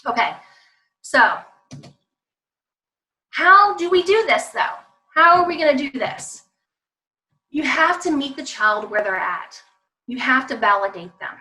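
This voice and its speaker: A woman's voice: high-pitched, very animated, unhurried, pauses often, pushed and bright, far from the mic, poor audio. A woman from the American South gives an online parenting talk, speaking emphatically and often asking the audience rhetorical questions.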